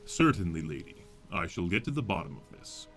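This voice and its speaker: A man's voice: deep voice, big pitch swings, a little fast, a bit bright, soft background music, voice pushed down, heavily acted. A man putting on the voice of a dutiful male fantasy hero, reading game dialogue in a mock-noble way. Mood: gallant.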